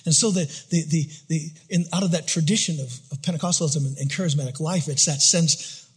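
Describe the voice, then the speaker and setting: A male pastor preaching a sermon, building up with intensity and then dropping to a hushed whisper for emphasis. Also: a little high, animated, normal speed, husky.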